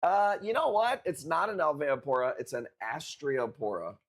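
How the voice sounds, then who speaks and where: A man hosts a live coral sale. He talks in a laid-back, unhurried way, swears often and leans on street slang, with his voice sitting at an ordinary middle pitch. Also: big pitch swings, a bit bright, husky. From Chicago. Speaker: live-stream coral seller. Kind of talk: casual live-stream chat.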